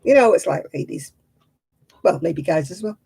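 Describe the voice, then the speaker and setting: A woman's voice: fairly low pitch, lively intonation, normal speed, creaky, dark tone, husky. A woman hosting a crafting live stream, chatting casually with viewers in a self-mocking way and laughing often. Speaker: craft livestream host.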